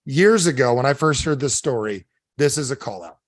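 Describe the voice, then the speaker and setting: A man giving a live motivational seminar talk, animated and emphatic, who keeps asking his audience questions while he tells a story. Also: mid-range voice, moderate pace, dry recording, clean studio sound. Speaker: motivational speaker.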